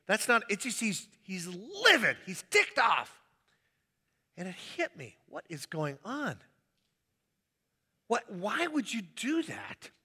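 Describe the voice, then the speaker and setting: A man preaching a sermon in a church, animated and joking with the congregation. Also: high-pitched, long reverb tail. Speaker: pastor.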